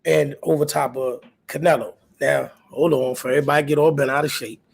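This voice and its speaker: Guy with aave doing a live boxing talk stream, kinda raspy, keeps repeating himself and talking to chat. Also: a little high, brisk. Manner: animated, repeats himself, talks to chat viewers. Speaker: host of a boxing talk livestream.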